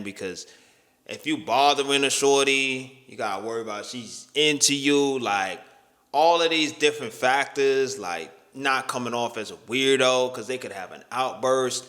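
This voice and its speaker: A man's voice: medium pitch, pushed and bright. A young man hosting a casual chat, talking in loose slang with emphatic bursts. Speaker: host.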